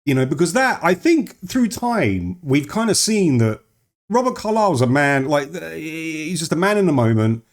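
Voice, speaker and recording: Speaking at a moderate pace in a slightly high, sing-song voice, a man chats casually about a film. His review wanders off on tangents and he frequently breaks off his own sentences.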